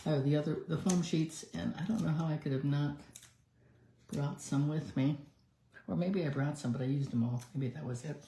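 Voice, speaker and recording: A woman's voice: low-pitched, moderate pace, warm tone. A woman doing a live card-making demonstration, chatting through each step as she works. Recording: echoey room.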